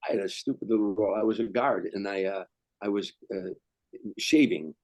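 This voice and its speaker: A man's voice: fairly low pitch, steady tone, fairly quick, a little mellow, no echo, low-quality recording. An older male comedian telling anecdotes as a guest, rambling and restarting sentences. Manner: rambling, repeats words, restarts. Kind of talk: anecdotal storytelling.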